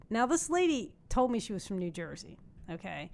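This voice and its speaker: A woman's voice: on the high side, sing-song, fairly quick, darkish tone. A middle-aged woman co-hosting a podcast, explaining things in a chatty, amused way. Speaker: podcast co-host. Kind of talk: casual conversational chat.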